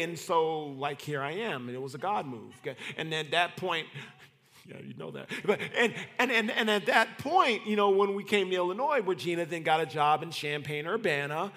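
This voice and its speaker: A male pastor preaching a sermon in slangy, dramatic storytelling that swings from shouts to whispers. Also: a little high, normal speed, big-room sound.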